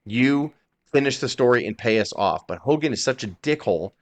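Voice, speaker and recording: A man's voice: medium pitch, animated, brisk. A man hosting a wrestling podcast, recounting events in a heated, profane way. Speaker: podcast host. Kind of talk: casual chat.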